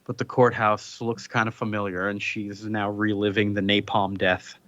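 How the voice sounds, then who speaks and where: A man's voice: fairly low pitch, level tone, normal speed, a bit bright, dry recording, lo-fi sound. A man co-hosting a podcast, retelling a comic issue in a loose, rambling way with playful paraphrased quotes. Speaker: podcast co-host. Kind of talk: casual comic recap chat.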